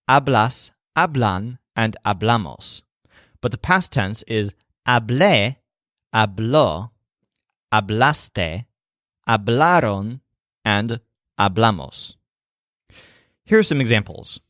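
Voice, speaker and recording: A man teaching a language lesson, calmly explaining through scripted mnemonic stories. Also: medium pitch, takes it slowly, no room sound, clean studio sound. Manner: calm explanatory storytelling.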